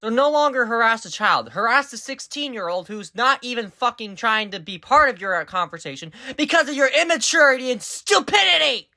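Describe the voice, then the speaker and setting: A woman doing reaction commentary in an exasperated, ranting way, her voice strained from yelling. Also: fairly high pitch, animated, brisk, hardly any pauses, no room sound, studio quality. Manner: exasperated, ranting, swings into outbursts. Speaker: commentary creator.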